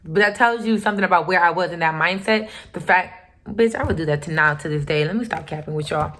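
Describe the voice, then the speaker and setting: A woman's voice: lowish voice, quick pace, fairly bright tone. A young woman telling a story to her channel in a candid, profane and emphatic way. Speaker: vlogger. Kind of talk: casual storytime.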